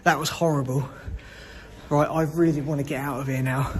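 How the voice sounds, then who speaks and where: A man's voice: fairly high pitch, steady tone, normal speed, slight background noise. A man exploring an abandoned building alone at night, whispering his fear and swearing often into a handheld camera. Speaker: solo paranormal explorer.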